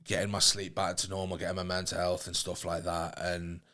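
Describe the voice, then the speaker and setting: A man, a doctor, guesting on a podcast and telling a personal story frankly and emotionally, swearing freely, with halting restarts. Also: deep voice, flat delivery, bright, forceful tone.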